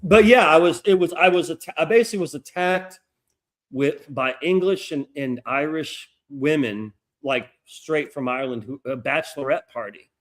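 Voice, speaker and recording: Middle-aged American man with a slightly high voice, profane and animated, a chatty podcast storyteller. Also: moderate pace. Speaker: podcast co-host telling a story. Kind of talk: casual storytelling chat.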